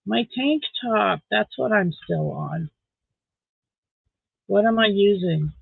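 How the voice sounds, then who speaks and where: A Canadian man sits at home late at night, hosting a casual live stream and answering viewers one by one. His voice is high for a man and gravelly, and he takes his time. The sound is dry and thin, like a phone call. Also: lively intonation, takes it slowly, dry recording. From Saskatchewan, Canada. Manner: chatty, reads viewer comments aloud and answers them; talks to his dog between comments.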